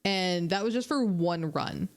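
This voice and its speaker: A young woman streamer casually telling animated, chatty stories to her viewers, laughing and swearing along the way. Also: fairly low pitch, a little slow. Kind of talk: casual storytelling.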